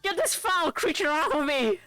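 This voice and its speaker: A woman's voice: expressive, brisk, no echo, faint music behind. A streamer voicing a haughty, refined young woman in a visual novel, talking pompously. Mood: shrieking. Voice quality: pompous, high and shrill when upset. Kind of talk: visual novel read-aloud.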